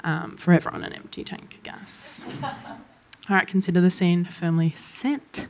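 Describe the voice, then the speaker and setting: A young Australian woman telling a comedic family story, lively and often laughing as she speaks. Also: fairly low pitch, a little slow, a little hiss or hum. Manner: lively, laughs through her lines.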